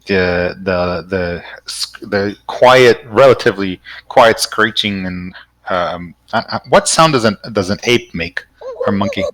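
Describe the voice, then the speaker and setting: A man narrating a tabletop game as game master, halting and stumbling through his descriptions. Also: lowish voice, fairly bright tone. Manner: halting, full of fillers and restarts.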